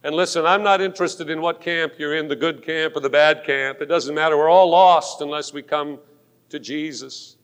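A pastor making an urgent, pleading altar call during a sermon in a large church sanctuary. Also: male voice, a little high, steady tone, normal speed, fairly bright tone. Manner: pleading and urgent, rising to fervent force. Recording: long hall reverb of a church.

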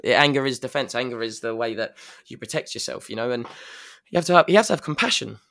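A man's voice: mid-range voice, animated, fast, fairly bright tone. A man in casual chat, talking reflectively about personal growth, with many restarts and fillers.

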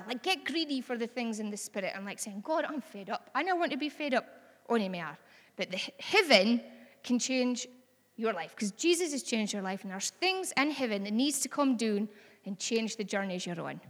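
A woman's voice: on the high side, expressive, normal speed, long reverb tail. A woman with a Scottish accent preaching a sermon in a chatty, earnest way that rises to bold exhortation.

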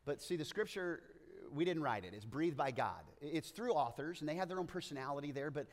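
A man preaching a sermon, joking and animated, with playful asides and frequent stammering restarts. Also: on the high side, brisk, big-room sound. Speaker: pastor.

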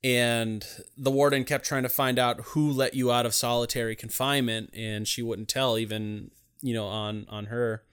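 Man with a smooth, clear voice. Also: mid-range voice, normal speed, hardly any pauses. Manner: rambling, profane, animated storytelling. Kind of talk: casual chat recapping a film.

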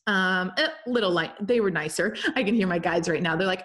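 A woman telling her own story in a casual, animated way, talking with lots of "like" and some swearing. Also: on the low side, fairly quick. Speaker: spiritual coach.

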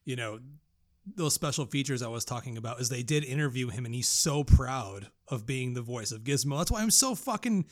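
A man's voice: mid-range voice, brisk. Guy hosting a chat, gets worked up, swears a lot, trips over his words. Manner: excitable, swears a lot, restarts sentences. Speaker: podcast host. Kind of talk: casual chat.

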